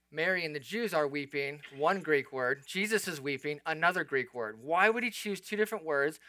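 Bright, earnest man preaching a sermon. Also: fairly high pitch, dry recording. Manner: earnest, explanatory, conversational asides. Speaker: pastor. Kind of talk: expository sermon.

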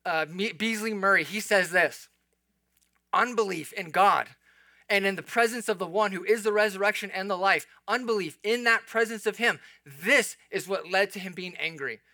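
A man delivering a sermon in an earnest, explanatory way, breaking into casual asides to the congregation. His voice is bright and sits somewhat high. The sound is dry and close, with no room around it. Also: moderate pace, no echo. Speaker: pastor. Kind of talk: expository sermon.

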